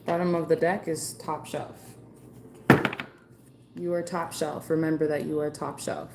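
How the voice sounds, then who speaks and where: A woman's voice: deep voice, level tone, measured pace, vocal fry, heavy background noise. A woman giving a chatty, rambling live-stream card reading, passing on messages from spirits. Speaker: psychic card reader.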